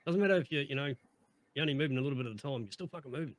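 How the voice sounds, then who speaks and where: A man's voice: medium pitch, rapid-fire, no room sound. A man chatting on a podcast, emphatic and upbeat, repeating himself and swearing heavily. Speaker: streamer on podcast. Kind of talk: casual chat.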